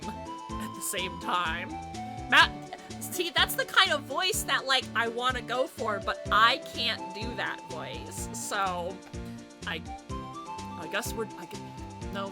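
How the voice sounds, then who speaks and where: A woman streaming a game, chatting casually, laughing and swearing as she goes. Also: lowish voice. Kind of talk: casual let's-play commentary. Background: loud game music.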